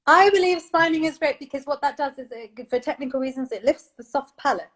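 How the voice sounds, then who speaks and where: A woman's voice: high-pitched, a little fast, a bit bright. A woman vocal coach guiding listeners through breathing exercises, encouraging and instructive, laughing often.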